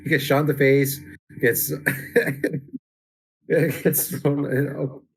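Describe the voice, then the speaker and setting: A man's voice: on the high side, little pitch movement, very slow, creaky, breathy edge. A man co-hosting a casual comic book discussion, laid-back, laughing often and trailing off into fillers. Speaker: podcast co-host.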